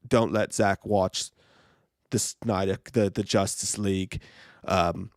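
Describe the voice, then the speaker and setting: A man doing a comic impression of a pompous, self-important film director, with a low drawl. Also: fairly even intonation, slow, darkish tone, no room sound, clean studio sound. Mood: pretentious. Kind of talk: comic impression on a live stream.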